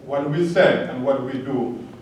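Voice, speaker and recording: Male panel speaker, unhurried and earnest, recorded at a distance in a reverberant room. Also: darkish tone, dull audio. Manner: earnest, storytelling, chuckles at own jokes. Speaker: panel respondent. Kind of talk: public talk with personal anecdote. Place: large lecture hall. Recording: echoey hall from a distance, faint rumble.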